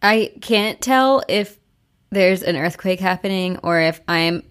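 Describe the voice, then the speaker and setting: A woman's voice: on the low side, unhurried. Podcast co-host woman, jumpy reactions. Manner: reacts with short fearful exclamations. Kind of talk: casual chat.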